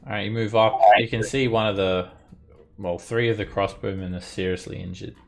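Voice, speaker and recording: A man's voice: fairly low pitch, fairly even intonation, brisk, gravelly, faint music behind. A man running an online tabletop game as dungeon master, narrating combat with frequent fillers. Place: home setup, playing online.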